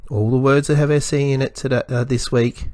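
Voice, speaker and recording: A male teacher giving a spelling lesson to children, spelling words out letter by letter and sounding out each part slowly and carefully. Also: mid-range voice, fairly even intonation, a little mellow, no room sound.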